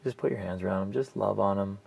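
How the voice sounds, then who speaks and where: A man co-hosting a parenting podcast, telling coaching stories in an earnest, animated way and dropping to a soft, gentle tone. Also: fairly low pitch, fast talker, creaky, slightly rough. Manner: earnest, animated storytelling, softens to near-whisper. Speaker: podcast co-host, family coach. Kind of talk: casual podcast chat.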